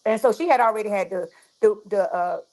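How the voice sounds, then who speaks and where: Speaking a little fast in a mid-range voice, a woman tells her followers a personal story. She's animated and frank, peppering it with slang and curses.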